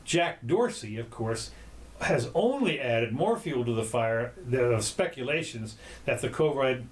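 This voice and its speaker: Rambling man hosting a casual chat. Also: medium pitch. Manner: rambling, halting, many restarts. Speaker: podcast host.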